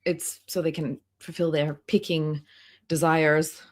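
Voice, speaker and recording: A woman streamer pauses a clip to comment on it, chatty and catty, explaining things to her chat. Her voice sits somewhat low for a woman. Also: flat delivery. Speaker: reaction streamer. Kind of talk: reaction commentary.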